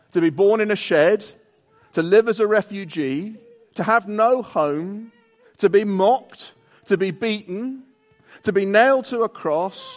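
A man preaching a Christmas sermon to a mixed-age congregation in a church hall, stretching out key words for emphasis. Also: high voice. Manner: animated, drawn-out emphasis on key words, leads the congregation in actions. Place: church hall with tiered seating.

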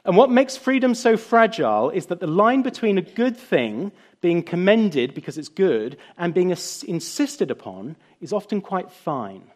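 Man, preaching, animated storytelling, lively and expressive pitch. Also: measured pace. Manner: animated storytelling, voices quotes. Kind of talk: sermon.

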